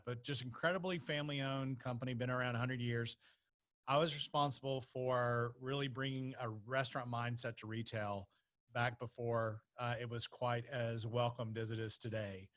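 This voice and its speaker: A man from North Carolina, a podcast guest, telling his story in an animated way and laughing as he talks. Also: mid-range voice. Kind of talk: conversational storytelling.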